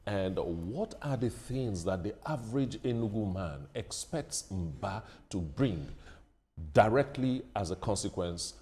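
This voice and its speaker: A man hosting a TV news panel, asking measured questions built around an analogy and laughing along with guests. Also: lowish voice, expressive, dark tone. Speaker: news show host. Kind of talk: TV interview questioning.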